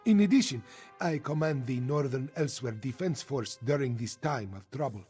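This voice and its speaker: An actor voicing a dignified, courteous male feline leader and military commander in a video game, with a husky voice. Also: medium pitch, lively intonation, normal speed, a little mellow, soft background music. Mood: formal. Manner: formal, courteous.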